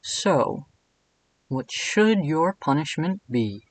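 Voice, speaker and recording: A man doing an impression of an actor playing a flirty, seductive cat king, speaking low, soft and slow. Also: big pitch swings, full character voice. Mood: sultry.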